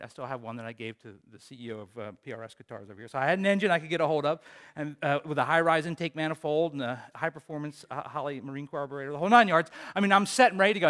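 A male pastor preaching a sermon, telling a personal story in an animated way with big swings in volume. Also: fairly high pitch.

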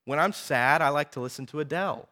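A man in his thirties preaching a sermon, telling personal stories in a lively, conversational way with frequent asides to the audience. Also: fairly high pitch, fast talker. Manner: animated storytelling, conversational asides.

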